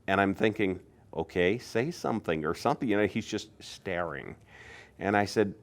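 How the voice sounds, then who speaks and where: Older man with a lowish voice telling stories. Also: moderate pace. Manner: animated, acts out what others said, chuckles. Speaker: insulator collector. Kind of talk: casual storytelling.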